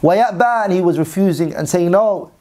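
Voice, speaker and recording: Male preacher, quick delivery, slightly high voice, reads Arabic then restates it in English. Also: dark tone. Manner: reads Arabic text then translates, repeating lines. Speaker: Islamic teacher. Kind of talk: sermon storytelling.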